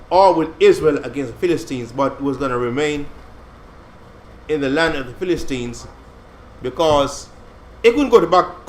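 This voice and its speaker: A man leads a relaxed Bible study, his fairly high voice swinging up and down as he explains. His talk is slangy and conversational, with frequent restarts. The room around him rings with echo. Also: a little hiss or hum. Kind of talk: casual Bible study commentary. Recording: echoey room.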